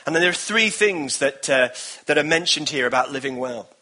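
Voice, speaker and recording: A male pastor delivering a sermon in a high, bright, ringing voice. He preaches emphatically, repeating key phrases and building to energetic bursts. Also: brisk.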